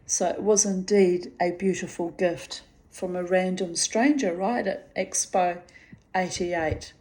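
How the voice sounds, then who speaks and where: A woman's voice: fairly low pitch, steady tone, slow, darkish tone. A woman in her fifties from New Zealand, telling a rambling personal story straight to her listeners. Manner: rambling, chatty, addresses listeners directly.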